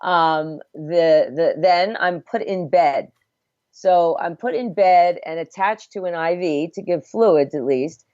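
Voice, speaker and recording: A woman's voice: on the low side, takes it slowly, warm tone, dry recording. A middle-aged woman, a midwife and former obstetric nurse, telling her story earnestly and reflectively in a conversational interview. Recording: dull, dry lo-fi audio.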